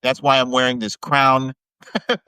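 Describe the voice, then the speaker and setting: A man's voice: medium pitch, level tone, measured pace, sharp tone, smooth, no room sound, poor audio. A man talking on a live video stream in casual political chat, upbeat and emphatic, laughing often.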